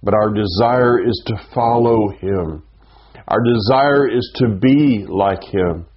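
Slow earnest Southern preacher, man. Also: fairly low pitch. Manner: slow, earnest teaching with restarts. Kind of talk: sermon. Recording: dull lo-fi sound.

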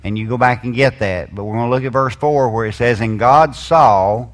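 A man leading a Bible study, drawing out quoted verses slowly and giving asides to a helper. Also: mid-range voice. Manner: slows and stresses quoted scripture, asides to a helper. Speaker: Bible teacher.

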